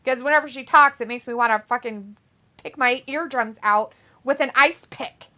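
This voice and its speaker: Woman, casual chat, reads chat comments, blunt and profane, bright tone, a bit high. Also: normal speed. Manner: blunt, profane, laughs often. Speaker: live stream co-host reading chat.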